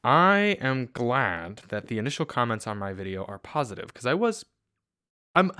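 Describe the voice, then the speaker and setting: A man's voice: mid-range voice, very animated, moderate pace, pushed and bright, smooth, no echo, studio quality. Chatty man with a mid-range voice. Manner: chatty, opinionated, lots of "like" fillers. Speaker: podcast co-host and car reviewer. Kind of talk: casual chat about cars.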